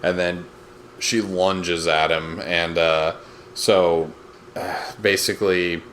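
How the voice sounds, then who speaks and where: A man's voice: low voice, little pitch movement, slow pace, fairly bright tone, slight background noise. A man in his thirties co-hosting a podcast, recapping a TV episode in a laid-back, rambling way. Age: 30s. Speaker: podcast co-host. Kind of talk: casual chat recapping a TV episode.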